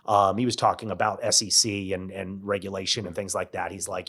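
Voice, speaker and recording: A middle-aged man with a fairly low voice, telling a long story in a conversational way. He acts out what other people said as he goes. He sounds like a podcast guest. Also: fairly quick, hardly any pauses. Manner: animated, quotes others in acted-out dialogue.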